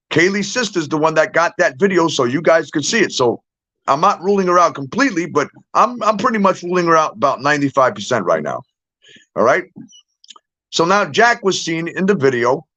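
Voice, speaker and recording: A middle-aged social media commentator talks casually to his followers in a fairly high, fairly bright voice on dull audio. Emphatic and insistent, he keeps asking the viewer "okay?" and "all right?", moving around and getting up to act things out.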